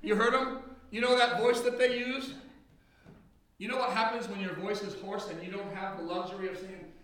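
A middle-aged man preaching a sermon in a loud, booming drill-instructor voice, heard in a church hall. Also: steady tone, normal speed, slight background noise. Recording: echoey hall from far off.

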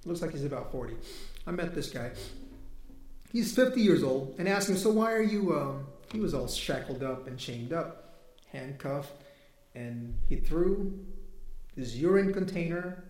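This preacher's voice is a little high and expressive, with a darkish tone and a moderate pace. Speaking conversationally in an echoey room, he shares a personal story, quotes others, and laughs between points.

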